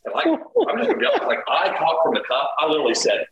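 A man's voice: mid-range voice, rapid-fire, few pauses. A man telling a personal story in casual talk, acting out what people said. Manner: animated, acts out quotes. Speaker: guest storyteller. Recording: echoey room with faint noise.

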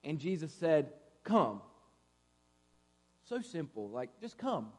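Casting: high-voiced male guest preacher, chatty and playful, delivering a church sermon in a reverberant sanctuary. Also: normal speed. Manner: lively, conversational preaching with playful asides. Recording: reverberant hall.

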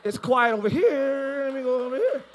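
Male pastor, very high voice, live church sermon, shouts and jokes. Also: moderate pace, a faint crowd. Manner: animated preaching, often shouting, playful asides. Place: large church, live service.

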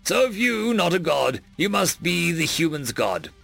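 Man doing a blunt alien official, pushy and demanding, voice a bit high and gravelly. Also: very animated, measured pace, fairly bright tone, faint music behind, exaggerated voice. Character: alien male official judging gods, imperious.

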